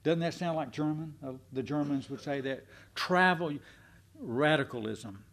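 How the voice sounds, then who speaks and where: A man's voice: on the high side, fairly even intonation, fairly quick, a little mellow. A man preaching a sermon, folksy and self-deprecating with his congregation. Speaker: pastor.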